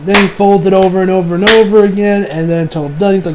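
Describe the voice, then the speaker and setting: A man's voice: high voice, steady tone, fast, slight background noise, poor audio. A man recapping an anime episode in a casual, rambling way, swearing and correcting himself as he goes. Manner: rambling, profane, self-correcting. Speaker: anime reviewer.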